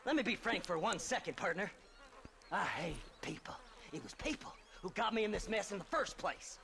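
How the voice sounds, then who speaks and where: An actor playing a half-mad older male grave robber in a video game, gravelly and manic, with sudden swings in tone. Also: high voice, lively intonation, moderate pace, heavily acted. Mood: sardonic. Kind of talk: video game cutscene acting. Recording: game audio with loud insect ambience.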